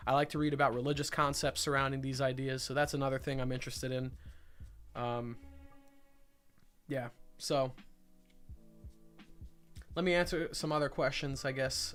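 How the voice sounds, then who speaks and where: A man's voice: a little high, a bit bright. Profane ranting young man streamer. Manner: ranting, profane, repeats himself. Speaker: livestream host. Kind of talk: casual livestream chat.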